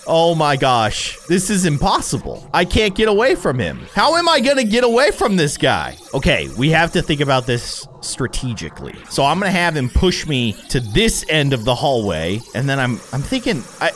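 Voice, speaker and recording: A man giving let's-play commentary as he plays a game, laughing and breaking into sudden startled shouts. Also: fairly high pitch, wildly swooping pitch, moderate pace, few pauses, slight background noise. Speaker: gaming YouTuber.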